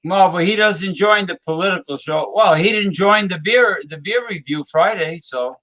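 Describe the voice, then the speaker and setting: A man's voice: high voice, moderate pace, fairly bright tone, low-quality recording. A man co-hosting a casual beer review, rambling and hesitant, full of fillers. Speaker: co-host.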